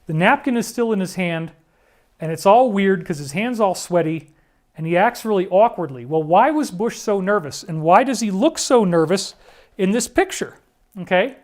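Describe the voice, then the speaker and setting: A man's voice: high voice, expressive, normal speed. A man talking through a series of photos in an earnest, emphatic monologue, often addressing listeners directly. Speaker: commentator.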